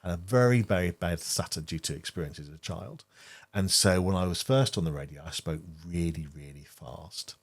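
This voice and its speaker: A man's voice: low voice, a little fast, creaky. A middle-aged man co-hosting a podcast, chatting casually and earnestly, often repeating words as he thinks. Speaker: podcast co-host. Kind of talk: casual conversational chat.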